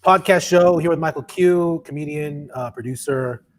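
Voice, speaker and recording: A man's voice: on the high side, moderate pace. A man hosting a live comedy podcast, chatting casually, laughing often and greeting viewers by name. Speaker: podcast host.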